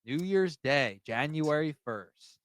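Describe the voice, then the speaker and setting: A man co-hosting a sports podcast, firing prediction questions at his partner in a casual way. His voice is high for a man and swings widely in pitch. The recording is dry and close. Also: expressive, slow, a bit bright, no room sound. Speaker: podcast co-host.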